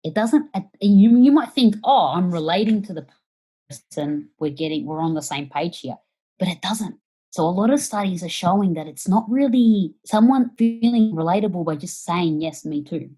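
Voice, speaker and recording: A woman guest on a podcast giving casual conversational advice, animated and acting out quoted reactions, swearing now and then. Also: medium pitch, normal speed, husky, poor audio.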